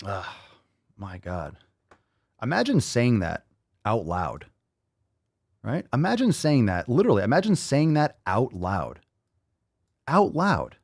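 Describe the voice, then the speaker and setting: A man's voice: mid-range voice, wildly swooping pitch, slow pace, pauses often, a little mellow, dry recording, studio quality. A man hosting a podcast, ranting casually with heavy swearing and repeating phrases for emphasis. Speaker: podcast host.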